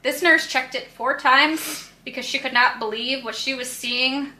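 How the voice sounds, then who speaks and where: A woman's voice: sits high, steady tone, unhurried, pushed and bright, reverberant, a little hiss or hum. A young woman co-hosting a podcast, telling a blunt story, swearing freely and acting out the voices of people she quotes. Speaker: podcast co-host. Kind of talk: casual storytelling.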